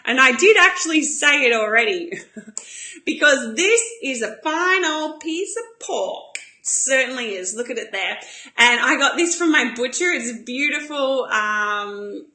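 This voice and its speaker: An enthusiastic woman chats her way through a live cooking demonstration. Her voice sits a little high and sounds bright and forceful. It rings with echo from the kitchen. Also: expressive, a little slow. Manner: bubbly, enthusiastic, chatty. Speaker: cooking show host.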